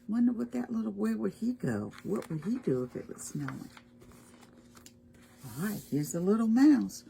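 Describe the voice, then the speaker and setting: A woman reading a picture book aloud to preschoolers, animated and asking the children questions. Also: mid-range voice, a little slow, vocal fry, breathy edge. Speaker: storytime reader.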